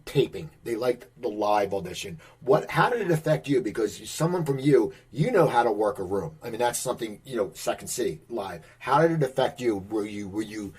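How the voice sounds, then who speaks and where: A man's voice: fairly low pitch, lively intonation, a little fast, hardly any pauses, darkish tone, breathy edge. A man hosting an interview and asking long, rambling questions with many restarts. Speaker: podcast host, interviewer. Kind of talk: casual interview chat.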